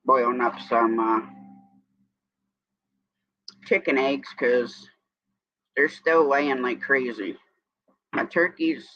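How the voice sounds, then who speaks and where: A man's voice: mid-range voice, a bit bright, no room sound, lo-fi sound. A man from New York with an upstate New York accent, hosting a casual morning live stream and chatting in a rambling way while greeting viewers.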